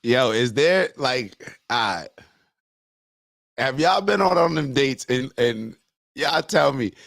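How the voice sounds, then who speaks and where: A man's voice: medium pitch, animated, slow, creaky, fairly bright tone, no room sound, studio quality. A man hosting a morning show, reacting to a clip and reading viewer comments in loose, slangy talk aimed straight at his viewers.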